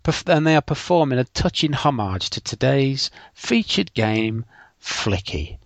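A man's voice: mid-range voice, very animated, measured pace, creaky, noisy background. A man co-hosting a podcast in casual chat, mostly giving short replies. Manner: brief listening replies. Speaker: podcast co-host.

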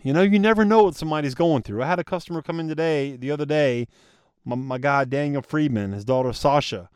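A man talks earnestly on his own podcast, casual and encouraging, and he keeps calling his listeners guys. His voice sits a little high for a man and comes through smooth and clear. The sound is dry and close, with no room echo. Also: quick pace, a little mellow. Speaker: podcast host. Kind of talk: motivational solo podcast talk.

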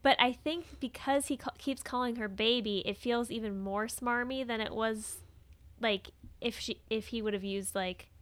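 A woman's voice: a little high, fairly even intonation, moderate pace, a bit bright. A woman co-hosting a casual movie podcast, giving frank opinions with lots of "like" and "I mean.". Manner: frank, hedging with fillers. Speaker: podcast co-host.

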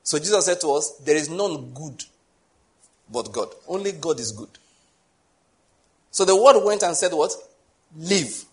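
A middle-aged man preaching a sermon, animated, asking rhetorical questions and acting out little scenes. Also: on the high side.

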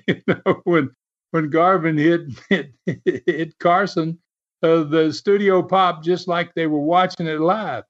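A man casually telling a wrestling story, animated and chuckling, dropping "man" into his sentences. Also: fairly high pitch. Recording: dull lo-fi recording.

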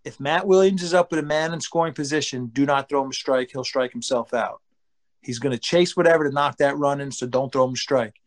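A former baseball pitcher tells casual stories with lots of energy, acting out what his teammates said and swearing freely. He talks a little fast.

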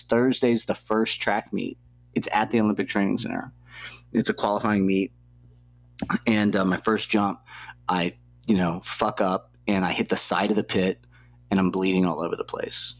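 A young man, an athlete guest in an interview, telling a story in a casual, rambling way, swearing freely and leaning on filler words. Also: on the low side. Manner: profane, loose, heavy on filler words.

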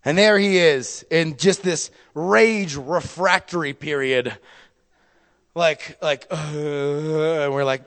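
A young man telling a stand-up story, his voice sitting a bit high. He is profane and animated, jumping into sudden loud bursts, and a long reverb from the hall hangs behind him. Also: takes it slowly. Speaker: stand-up comedian.

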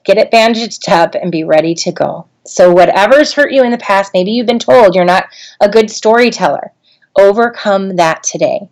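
A middle-aged woman trainer giving a talk on storytelling, conversational with frequent ums and getting animated as she tells a childhood story. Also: mid-range voice. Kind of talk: instructional talk with personal story.

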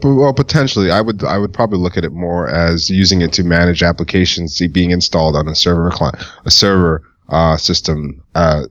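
A man co-hosts a podcast with a very deep voice. He talks in a measured way with dry humor, and the sound is dry and close to the mic. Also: steady tone, a bit bright, dry recording, highs cut off. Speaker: podcast co-host. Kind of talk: casual podcast chat.

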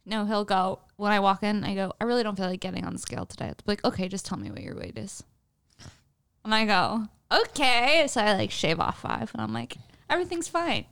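A woman's voice: mid-range voice, animated, fast talker, creaky, fairly bright tone, clear, resonant tone. A young woman co-hosting a casual chat podcast, blunt, profane and self-mocking.

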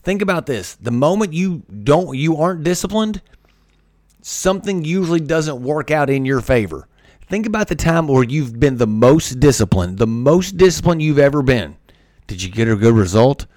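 A man's voice: fairly high pitch, expressive, moderate pace, darkish tone, dry recording, studio quality. A man hosting a podcast, talking energetically about discipline and repeating his key points for emphasis. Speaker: podcast host. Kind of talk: motivational podcast monologue.

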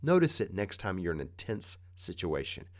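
A man's voice: sits low, sing-song, normal speed. A man giving a conversational motivational talk, coaching with plain repeated advice.

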